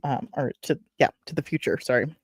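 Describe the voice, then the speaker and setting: A woman's voice: a bass voice, a little fast, slightly rough, no echo. A woman reading a novel aloud, breaking off for chatty, wry asides and correcting her own slips. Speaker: book reader and streamer. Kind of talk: reading aloud with casual commentary.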